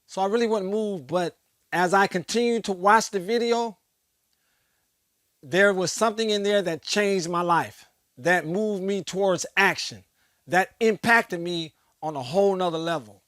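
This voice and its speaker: A man with a high voice gives an impassioned monologue to his viewers. He hammers his points home with repeated phrases, almost like a preacher. The sound is dry and close, with no room echo. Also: unhurried, fairly bright tone. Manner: preacher-like, emphatic repetition. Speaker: host.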